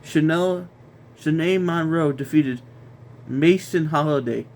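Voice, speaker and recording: Exasperated man ranting, slightly high voice. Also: takes it slowly, darkish tone. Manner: exasperated, repetitive, stumbling restarts. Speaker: wrestling show reviewer. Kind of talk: casual ranting review.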